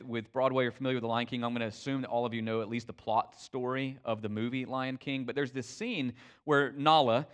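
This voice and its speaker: A young preacher with a drawl, speaking to his congregation in a church. His voice sits at an everyday middle pitch. He keeps the sermon loose and chatty, full of fillers and "right?" asides. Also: fairly bright tone. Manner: folksy and conversational, with frequent fillers and "right?" checks. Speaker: pastor. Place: church sanctuary.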